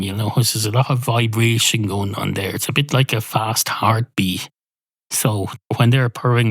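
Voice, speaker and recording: A man hosting a podcast alone from a spare room at home, rambling through a deadpan, improvised comic monologue. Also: fairly low pitch, dry recording. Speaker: podcast host. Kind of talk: rambling solo comedy monologue.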